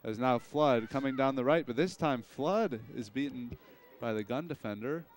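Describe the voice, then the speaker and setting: A young man announcing a high school soccer game, calling the plays live in a steady commentary. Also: normal speed, slight background noise. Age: young adult. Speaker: play-by-play announcer. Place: outdoor soccer field.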